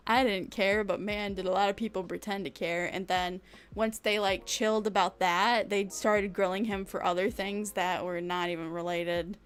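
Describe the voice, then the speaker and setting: A woman's voice: mid-range voice, steady tone, normal speed, clear, resonant tone. A young woman streamer chatting casually with her viewers, rambling, laughing often and swearing freely.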